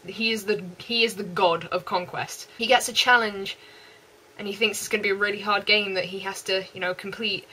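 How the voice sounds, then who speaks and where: A young woman with a West Country English accent, chatting excitedly and gushing in repeats as an anime vlogger. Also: mid-range voice, a little hiss or hum, low-quality recording. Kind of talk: casual chat.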